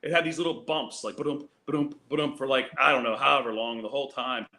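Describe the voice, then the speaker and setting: A man's voice: mid-range voice, steady tone, quick pace, sharp tone. A man who races cars, telling a rambling, self-mocking road story with laughs over a video call. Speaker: guest drag racer.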